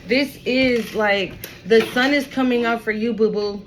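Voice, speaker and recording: A woman's voice: on the high side, a little slow, slight background noise, rough recording. A woman giving a casual tarot reading at home, talking in a chatty, slangy way full of fillers. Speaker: tarot reader.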